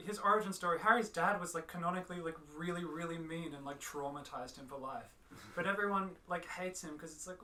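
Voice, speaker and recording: A woman's voice: lowish voice, brisk, pushed and bright, far from the mic, slight background noise. A woman chatting casually on a podcast, swearing and joking sarcastically. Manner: sarcastic, swears, laughs a lot. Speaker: podcast co-host. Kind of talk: casual chat.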